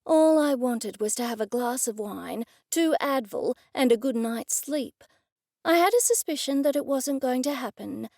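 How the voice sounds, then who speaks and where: A woman's voice: on the high side, measured pace, gravelly, a little mellow, no echo, studio quality. Woman narrating a cozy audiobook. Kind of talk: first-person scripted narration.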